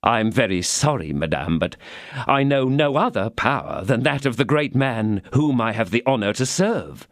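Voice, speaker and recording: A man's voice: medium pitch, expressive, normal speed, no echo, studio quality, voice pushed up, close to an everyday voice. A man doing a pompous, greedy old mercer. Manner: pompous, parroting grand phrases. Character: middle-aged mercer, greedy, cowardly, pompous.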